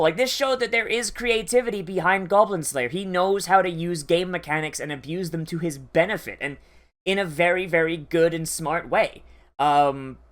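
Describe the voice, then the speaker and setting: A rambling anime reviewer who talks through a reaction in a loose, casual way. The speech swears often and keeps stopping and restarting its sentences, sitting at a middling pitch. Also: fairly bright tone. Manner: rambling and profane, full of fillers and restarts.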